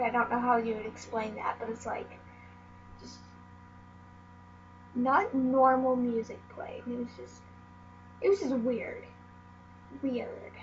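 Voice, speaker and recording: A teenage girl vlogger telling stories from her life in a rambling, meandering way, full of "like" and "um". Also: on the high side. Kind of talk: casual storytelling vlog. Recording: dull lo-fi audio with faint mains hum.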